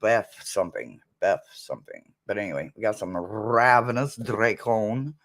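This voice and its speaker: A man's voice: on the low side, normal speed, a bit bright. Chatty man. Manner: chatty, laughs often, addresses viewers as y'all. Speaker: psychic medium livestream host. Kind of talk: casual livestream chat.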